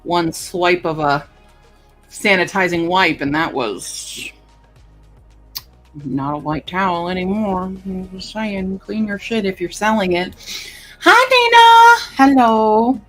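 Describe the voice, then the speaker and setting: A woman livestreamer chatting casually with her viewers, rambling and filling pauses with lots of ums and uhs. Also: fairly low pitch, steady tone, soft background music. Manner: chatty and rambling, with many fillers. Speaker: livestreamer greeting chat. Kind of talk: casual live-stream chat.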